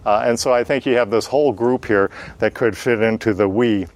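A man's voice: fairly low pitch, fairly quick. Man teaching a plain-spoken Bible lesson. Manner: plain-spoken, frequent "uh" fillers, explanatory.

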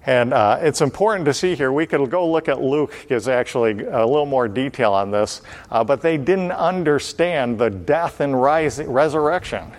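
A man's voice: mid-range voice, animated, normal speed, hardly any pauses. A man preaching a Bible study sermon, explaining step by step and repeating key phrases for emphasis.

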